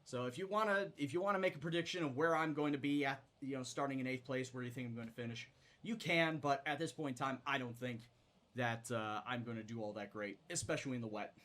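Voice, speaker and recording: A man's voice: mid-range voice, fast, a bit bright. Frustrated, sweary gaming streamer man. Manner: self-deprecating. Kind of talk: casual gameplay commentary.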